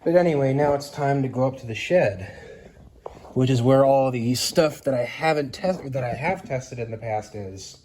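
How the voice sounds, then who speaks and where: A fan collector's home-tour vlog: his voice is medium-pitched and somewhat dark, at a moderate pace, with light background noise. Walking through house, garage and storage rooms, he catalogues his ceiling fans aloud in a rambling way full of fillers, slightly breathless.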